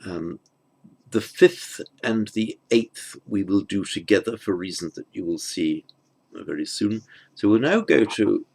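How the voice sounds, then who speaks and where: A man works through a grammar lesson at an unhurried, slow pace. His low voice has a gravelly rasp. He pauses with fillers, restarts phrases and mutters asides to himself. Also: animated, darkish tone. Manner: halting, thinks aloud with fillers and restarts. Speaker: teacher. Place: at a desk with a tablet.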